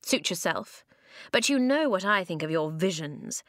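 A sneering, suspicious girl dismisses the newcomers in a storybook reading, as a woman narrator acts her out. The voice is lowish and dry, with no echo around it. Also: animated, unhurried, a bit bright. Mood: scornful. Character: scornful, suspicious girl of a tribe.

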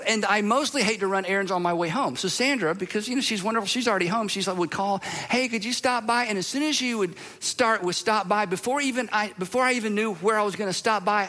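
Middle-aged male pastor, high and bright, chatty self-deprecating sermon delivery. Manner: conversational, self-deprecating storytelling.

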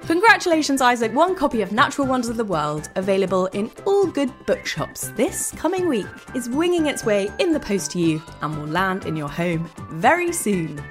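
Lively, enthusiastic woman hosting. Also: medium pitch, moderate pace, few pauses, faint music behind. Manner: bright, enthusiastic storyteller addressing children. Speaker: host. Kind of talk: scripted children's podcast narration.

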